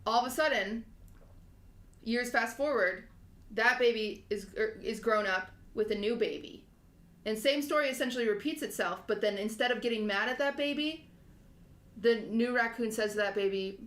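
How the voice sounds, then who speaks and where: A woman's voice: on the high side, moderate pace, a bit bright. Woman co-host, twenties, rambling emotional storyteller, roomy echo. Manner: rambling, emotional, laughs often. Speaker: podcast co-host. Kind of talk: casual chat, animated storytelling. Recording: echoey room.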